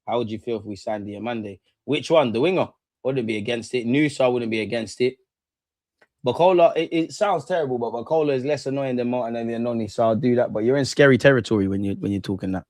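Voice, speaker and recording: Young guy live streaming football, slangy, rants at chat, dry mic, middle pitch. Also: fast, a little mellow, no echo. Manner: slangy, ranting, talks back to chat. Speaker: football watch-along streamer. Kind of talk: live casual commentary and chat.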